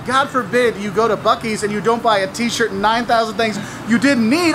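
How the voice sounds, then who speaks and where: A man hosting a travel video outdoors, explaining local customs in a lively, wry way. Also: very high-pitched, moderate pace. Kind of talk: travel vlog commentary. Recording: outdoor clip with street noise. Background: traffic and street ambience.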